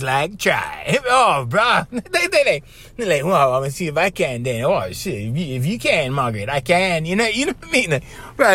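A man with a Hawaiian Pidgin accent hosting his podcast, telling stories in a loose, laughing, animated way. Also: high-pitched, dry recording. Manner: animated, laughs often, says bro constantly. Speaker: podcast host. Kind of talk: casual storytelling monologue.

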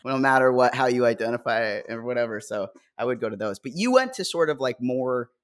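An American co-host on a podcast telling wry anecdotes in casual chat. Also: male voice, medium pitch, lively intonation, fairly quick, noisy background.

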